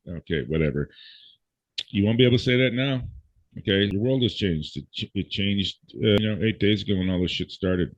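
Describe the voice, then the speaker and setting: Male guest, low-pitched, blunt and cursing, lectures his listeners; muffled, dry recording. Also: fairly quick, dry recording. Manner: profane, emphatic, lecturing. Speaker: guest speaker. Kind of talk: blunt ranting conversation. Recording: dull, dry lo-fi audio.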